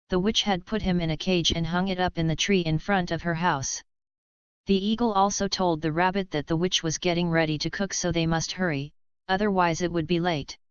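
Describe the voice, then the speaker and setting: Smooth-voiced woman reading a bedtime story. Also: fairly low pitch, no room sound. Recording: dull lo-fi recording.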